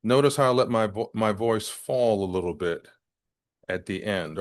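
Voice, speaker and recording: A man teaching business English, speaking deliberately and stressing key words to demonstrate intonation. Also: on the low side. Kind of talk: presenting a business English lesson.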